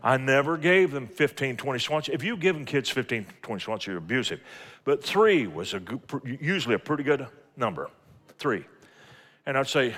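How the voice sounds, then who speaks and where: A man's voice: medium pitch, animated, normal speed, a bit bright. A middle-aged man preaching a sermon, telling folksy stories from family life and quoting scripture. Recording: long hall reverb.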